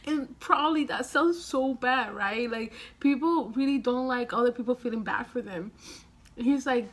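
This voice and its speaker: A woman's voice: high-pitched, fairly even intonation, normal speed. A young woman vlogging casually, rambling and tearful after crying, breaking into small laughs and sighs. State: has been crying. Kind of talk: casual emotional vlog.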